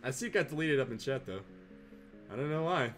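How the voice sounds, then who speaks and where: A Canadian tournament streamer and caster reads viewer jokes aloud and calls matches in a playful, self-mocking way. His mid-range voice is expressive and a little fast, with faint music behind him.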